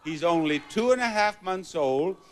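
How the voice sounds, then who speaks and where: A man's voice: on the high side, expressive. An older man hosting a TV game show in a studio, playful and teasing with contestants. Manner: playful, teasing, drawn-out delivery. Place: TV studio with live audience. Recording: loud studio audience and music.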